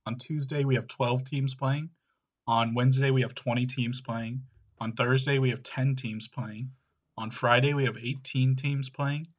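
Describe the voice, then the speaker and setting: A man co-hosting a podcast, calmly reading through lists with the odd filler. His voice is slightly husky. The recording sounds dull and lo-fi. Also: mid-range voice, moderate pace. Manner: steady, list-like delivery with fillers. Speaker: podcast co-host. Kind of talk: casual chat.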